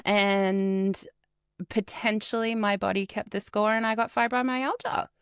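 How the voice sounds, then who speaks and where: An Australian woman co-hosting a podcast, talking casually with an expressive, jokey manner. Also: mid-range voice, measured pace, smooth, no room sound, studio quality. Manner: expressive and jokey, calls people bestie. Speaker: podcast co-host. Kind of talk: casual chat.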